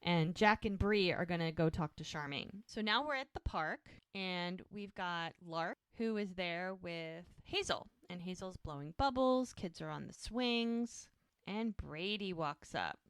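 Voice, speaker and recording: A woman's voice: on the low side, a little slow, clean tone, no echo. Woman podcast host recapping episodes, does little voices for the characters, dry close sound. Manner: retells scenes, briefly mimicking characters' lines. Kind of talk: casual recap chat.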